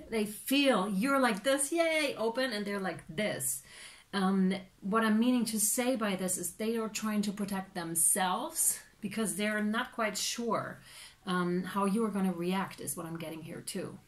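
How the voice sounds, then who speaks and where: A woman giving a casual tarot reading, chatty and animated, with many fillers and playful acted-out reactions. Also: mid-range voice. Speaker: tarot reader.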